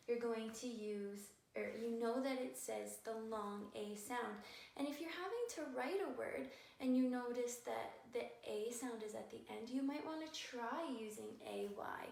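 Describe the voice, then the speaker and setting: A woman teacher giving a patient phonics lesson to young children, sounding words out slowly and carefully. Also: on the high side, creaky, a little mellow. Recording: echoey room, voice a bit far from the mic.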